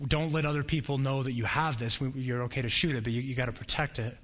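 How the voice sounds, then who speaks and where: A man preaching a sermon, telling a personal story with animated storytelling and acting out voices. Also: medium pitch, fast talker. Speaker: pastor.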